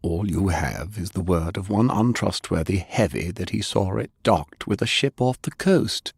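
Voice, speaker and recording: A man voicing a stern, secretive older male elder who speaks in a low, controlled, commanding way. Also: moderate pace, gravelly, husky, no echo, exaggerated voice.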